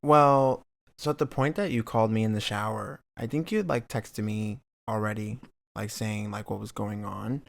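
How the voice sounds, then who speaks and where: A young man co-hosting a podcast, talking in a supportive, halting way with many fillers. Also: lowish voice, creaky, no room sound. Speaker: podcast co-host. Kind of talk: casual podcast chat.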